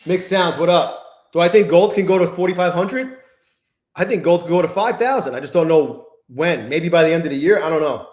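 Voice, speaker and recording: A man's voice: a little high, a little fast, a little mellow. Man, live-stream trading commentary, profane, exasperated, greets chat, echoey room.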